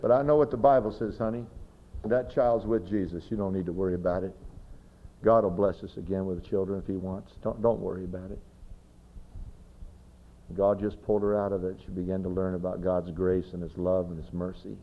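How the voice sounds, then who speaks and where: A man's voice: low-pitched, fairly even intonation, a little fast, lo-fi sound. A male pastor preaching a sermon, telling personal stories emphatically and speaking straight to his listeners. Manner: emphatic storytelling, direct address to listeners.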